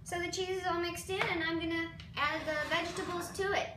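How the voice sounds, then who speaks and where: Brief: playful woman host of a home cooking demo, high voice, mic far off in a roomy kitchen. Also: fairly even intonation, a little fast. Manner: chatty, playful, self-deprecating. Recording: roomy, distant, noisy kitchen recording.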